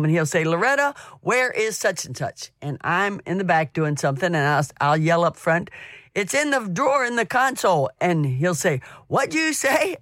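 A woman's voice: sits low, dry recording. A middle-aged woman talks to her radio listeners in a chatty, anecdotal manner and tells homey stories about daily life. Her voice is recorded close and dry, with no room sound around it. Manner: chatty and anecdotal, warm storytelling with restarts. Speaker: radio program host. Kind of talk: devotional radio talk.

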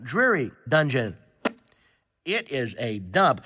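A man's voice: mid-range voice, sing-song, slow, bright, forceful tone, husky, full character voice. A man voicing a blustering, self-important male dragon in a storybook reading, theatrical and pompous. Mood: gloomy.

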